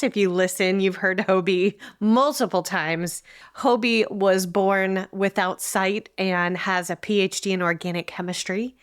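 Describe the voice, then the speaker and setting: A woman's voice: fairly low pitch, clean tone. A woman hosting a wine podcast, introducing her guests and telling stories in a friendly, casual way. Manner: friendly, storytelling, animated when joking. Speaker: podcast host.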